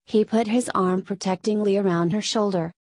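A woman reading a classic story aloud as narrator, in a measured storytelling manner. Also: medium pitch, steady tone, darkish tone, dry recording. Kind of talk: scripted narration.

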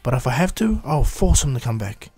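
Man doing a cold, stubborn teen ninja boy, clipped and quieter. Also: mid-range voice, big pitch swings, brisk, breathy edge, faint music behind. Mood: determined.

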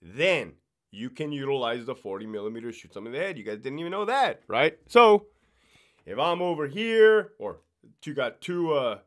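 A man's voice: medium pitch, lively intonation, brisk. Man, former corrections officer, mid-range voice, blunt and profane, keeps tagging "right?". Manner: blunt and profane, explaining rules with lots of swearing. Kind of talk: casual podcast chat.

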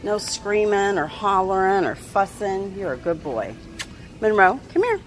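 A woman's voice: big pitch swings, moderate pace, a little hiss or hum. A woman vlogging a trip to a pet store, talking cheerfully to her dogs and her viewers. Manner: cheerful, fond, talks to her dogs in a high voice. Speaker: vlogger, dog owner. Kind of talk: casual pet vlog narration.

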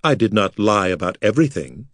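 A man voicing a cruel, scheming male noble who mocks his enemies in a smooth, theatrical manner. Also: fairly low pitch, big pitch swings, fairly quick, no echo, clean studio sound. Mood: mocking menace.

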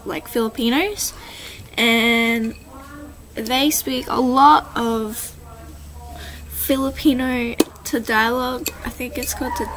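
A woman's voice: fairly high pitch, fairly bright tone. Chatty young Australian woman vlogging. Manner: rambling, giggly, many fillers. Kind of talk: casual vlog chat. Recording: faint background noise.

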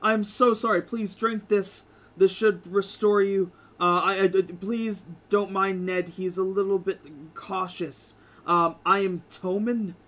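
A man's voice: high voice, level tone, measured pace, hardly any pauses, fairly bright tone, pitched above the performer's own voice. A man putting on a flustered, apologetic frog-man familiar. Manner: polite, flustered, keeps apologizing.

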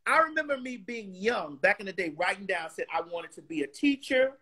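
Bright-voiced woman, emphatic talk-show guest. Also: mid-range voice, expressive, fairly quick, slightly rough. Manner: emphatic, restarts words, Southern slang; preacher-like, cites scripture. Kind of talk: casual interview chat.

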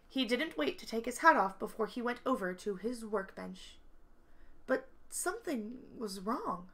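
A woman reading a picture book aloud to children, expressive and stopping to ask the listeners questions. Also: on the high side, normal speed. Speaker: children's story reader.

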